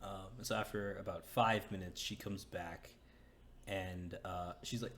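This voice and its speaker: A man's voice: sits low, fairly even intonation, measured pace, fairly bright tone, a little hiss or hum. A man narrating as game master of a tabletop game, hesitant with many fillers.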